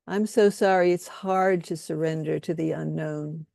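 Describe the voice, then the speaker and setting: A woman leading a guided healing workshop, speaking softly and soothingly as she has the group repeat statements after her. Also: deep voice, steady tone, a little slow, creaky, dry recording, studio quality. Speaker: workshop leader.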